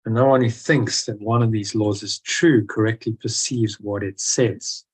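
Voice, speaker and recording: Male discussion leader, lowish voice, loose conversational delivery with restarts. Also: fairly even intonation, normal speed, husky, low-quality recording. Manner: conversational, with many fillers and restarts. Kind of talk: casual spiritual discussion.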